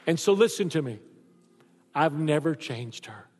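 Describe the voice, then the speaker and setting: An older man preaches a lively sermon, acting out the people in his stories. His voice sits a little high for a man. It rings with the long reverb of a large church hall. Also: a little slow, some chatter behind, slight background noise. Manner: animated storytelling, acts out voices in quotes. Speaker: pastor.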